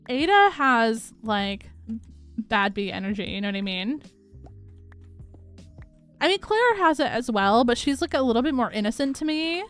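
A young woman hosting a relaxed gaming livestream, chatting upbeat and giggly with her viewers and reading their messages. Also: on the high side, smooth. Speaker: livestream host. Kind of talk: casual chat while gaming, reading chat. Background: faint background music.

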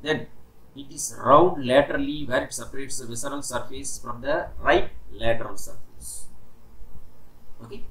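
A man's voice: medium pitch, normal speed, a bit bright, poor audio. A man lecturing on anatomy in a recorded class. He explains step by step, repeats key terms and often stops to say "okay".

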